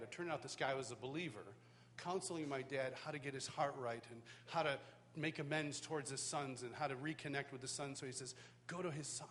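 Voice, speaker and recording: A man's voice: on the high side, a bit bright, slight background noise. Man telling a humorous personal testimony. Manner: storytelling, acts out quoted voices, self-deprecating humor. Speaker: worship teacher. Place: live church worship school session.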